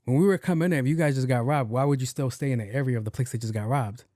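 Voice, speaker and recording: A man hosting a podcast, telling a story in a casual, animated and profane way and acting out the dialogue. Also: medium pitch, rapid-fire, no room sound, clean studio sound. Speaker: podcast host.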